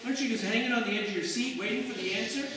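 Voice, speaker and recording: A man's voice: very high voice, very fast, a bit bright, slight background noise. A man preaching a sermon as pastor, talking conversationally and throwing rhetorical asides to his congregation. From Canada. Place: church sanctuary. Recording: echoey church hall from far off.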